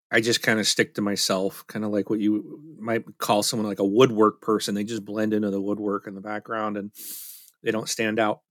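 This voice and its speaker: Bright, candid man on a podcast. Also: on the low side, dry recording, studio quality. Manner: candid, self-deprecating, rambling with restarts. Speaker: podcast co-host. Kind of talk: casual chat.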